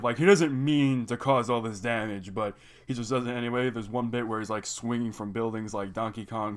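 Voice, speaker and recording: A man giving a casual, rambling recap of an animated episode, with many "like" and "you know" fillers. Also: medium pitch. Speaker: video reviewer.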